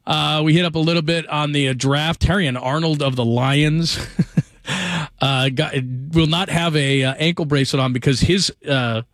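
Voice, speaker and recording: A man's voice: a little high, steady tone, normal speed, a bit bright, dry recording, clean studio sound. A man hosting a late-night sports call-in radio show, chatting loosely with many "uh" fillers and easy laughs.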